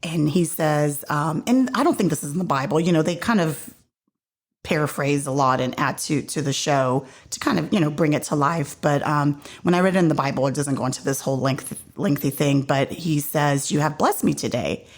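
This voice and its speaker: A woman with a low voice, speaking at normal speed, hosts a podcast. She casually retells a faith story, using many fillers and acting out the quotes.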